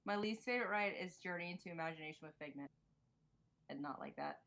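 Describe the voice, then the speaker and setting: A woman's voice: lowish voice, quick pace, vocal fry, fairly bright tone. Woman, casual chat, laughs through her own stories.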